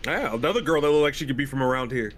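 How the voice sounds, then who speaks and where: A man with a mid-pitched voice jokes and riffs in slangy, animated banter about wrestlers. A faint hiss runs under his audio. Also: very fast. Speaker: podcast co-host. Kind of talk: casual banter.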